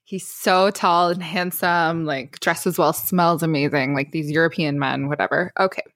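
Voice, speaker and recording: A young woman, co-hosting a podcast and telling a story in a casual, animated way, full of fillers. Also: sits low, normal speed, no echo, studio quality. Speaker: podcast co-host.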